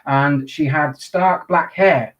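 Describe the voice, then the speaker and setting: A man, an undertaker interviewed as a guest, telling his stories in an animated way. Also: fairly high pitch, slow pace, poor audio. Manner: animated anecdotal storyteller. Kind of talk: storytelling in an interview.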